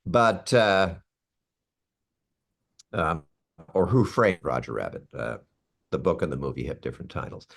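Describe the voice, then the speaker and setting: Man in his sixties, low voice, animated storyteller, casual interview chat. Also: measured pace, gravelly, pauses often. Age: 60s. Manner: animated storyteller with asides and restarts. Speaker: actor guest.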